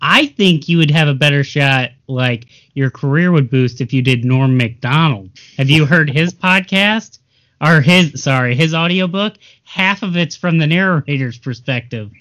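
A man's voice: a little high, normal speed, fairly bright tone. Dry-joking podcast host, a man. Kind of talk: casual podcast chat.

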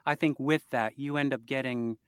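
A man's voice: medium pitch, fairly even intonation, normal speed, fairly bright tone, clear, resonant tone, no room sound. A man who narrates audiobooks, talking casually as a guest in an interview, easygoing and laughing often.

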